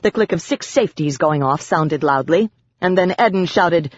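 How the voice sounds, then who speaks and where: Audiobook narrator, measured dramatic first-person reading, mid pitch, lo-fi dry sound. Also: expressive, dry recording.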